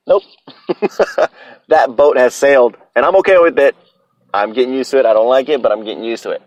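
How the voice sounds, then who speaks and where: A man's voice: medium pitch, animated, fast, long pauses, no echo, rough recording. A man in his thirties hosting a solo podcast, ranting bluntly and profanely about his opinions. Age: 30s. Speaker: podcast host.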